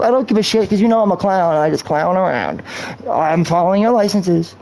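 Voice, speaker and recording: A man's voice: high-pitched, lively intonation, a little fast, creaky, darkish tone, slight background noise, rough recording. A man live-streaming a video game, talking in a rambling, profane, off-topic way into a cheap microphone. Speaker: gaming streamer. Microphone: cheap streaming mic.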